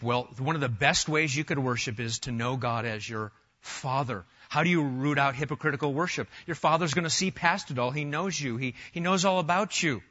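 A middle-aged pastor preaches a sermon animatedly, swinging between loud emphasis and soft asides. His voice is mid-range, and the recording is muffled.

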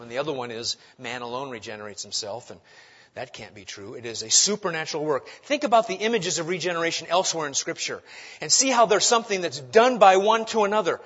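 A man's voice: a little high, lively intonation, brisk, breathy edge. Emphatic preacher man, lo-fi recording. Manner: emphatic preaching with rhetorical questions and big swings in loudness. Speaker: pastor. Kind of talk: sermon.

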